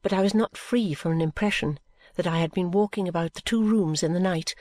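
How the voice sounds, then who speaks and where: Woman gently narrating a classic novel. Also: lowish voice, a little fast, dry recording. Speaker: audiobook narrator. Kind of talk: first-person audiobook narration.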